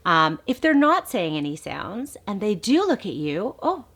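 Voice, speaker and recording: A woman speech therapist giving calm, explanatory tips to parents, now and then modeling baby sounds in a sing-song. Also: mid-range voice, unhurried. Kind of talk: instructional talk to parents.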